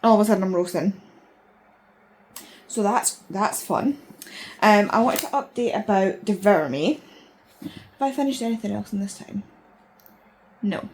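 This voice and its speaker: A woman in her thirties, chatting casually and excitedly in a rambling way as a book vlogger, sounding tired. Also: medium pitch, a little hiss or hum. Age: 30s. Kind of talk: casual vlog chat.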